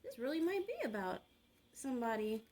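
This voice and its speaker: A woman's voice: a little high, big pitch swings, a little fast, darkish tone, rough recording. A woman reading tarot cards, musing and murmuring card words to herself in a slangy, chatty way. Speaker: tarot reader.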